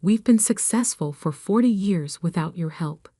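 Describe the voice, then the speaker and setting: Brief: domineering arrogant uncle, cold and dismissive, low dry read by a woman narrator. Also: animated, normal speed, dark tone, dry recording. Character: arrogant domineering middle-aged uncle, company boss.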